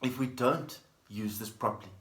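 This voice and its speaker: A man teaching a dharma talk as a Buddhist teacher, speaking gently in a storytelling manner and repeating plain phrases. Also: mid-range voice, normal speed. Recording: echoey room.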